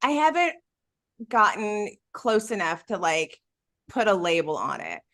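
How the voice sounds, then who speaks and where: Animated laughing woman co-host. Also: mid-range voice, unhurried. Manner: animated, laughs often, jumps between topics. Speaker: podcast co-host. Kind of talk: casual chat.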